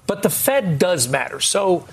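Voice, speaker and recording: A man anchoring a business news broadcast, brisk and conversational. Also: high voice, expressive, creaky, husky.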